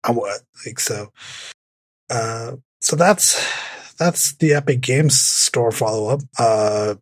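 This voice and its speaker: A man's voice: mid-range voice, slow. A man co-hosting a casual tech podcast, rambling with many restarts and fillers. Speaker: podcast co-host.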